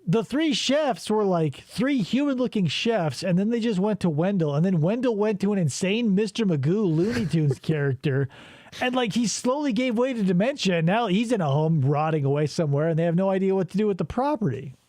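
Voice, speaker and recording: High, lively-voiced joking man. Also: a little fast, dry recording. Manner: crude, joking, animated storytelling. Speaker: podcast host. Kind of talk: casual chat, riffing on old commercials.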